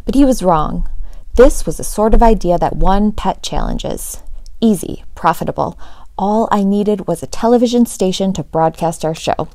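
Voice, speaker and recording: A teacher reading a children's chapter book aloud with steady, expressive storytelling, close to the mic. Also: female voice, medium pitch, moderate pace, dry recording.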